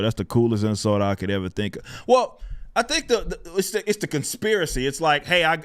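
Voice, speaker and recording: A man's voice: medium pitch, clear, resonant tone. A man hosting his own channel, venting in casual, profane, exasperated commentary and often breaking into laughter. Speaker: channel host.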